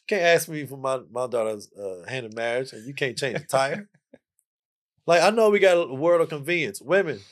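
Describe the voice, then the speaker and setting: A man's voice: mid-range voice, expressive, moderate pace. A man guest on a casual podcast, playfully lecturing his listeners and repeating phrases for emphasis. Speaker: podcast guest, jazz musician.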